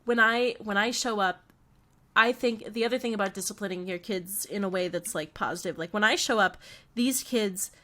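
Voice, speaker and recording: A woman's voice: medium pitch, normal speed, pushed and bright. A woman, a nanny and behavior technician, telling a story on a podcast in rambling, filler-heavy casual chat. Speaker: podcast co-host.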